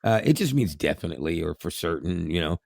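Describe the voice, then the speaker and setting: A man's voice: low voice, sing-song, fast talker, creaky, a little mellow, dry recording, studio quality. A man, co-hosting a podcast in casual chat, laughing often and repeating words. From Canada. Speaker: podcast co-host.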